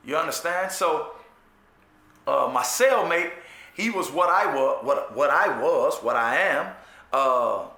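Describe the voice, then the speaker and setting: Bright-voiced man telling a street story. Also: a little high, slow. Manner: profane street slang, frequent "you know what I'm saying"; animated retelling with restarts and repetitions. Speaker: storyteller recounting his jail time. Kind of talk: casual spoken storytelling monologue. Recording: echoey room.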